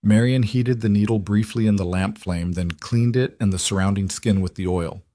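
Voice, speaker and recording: A man reading a romance story aloud as scripted narration, steady and even. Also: fairly low pitch, moderate pace. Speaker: audiobook narrator.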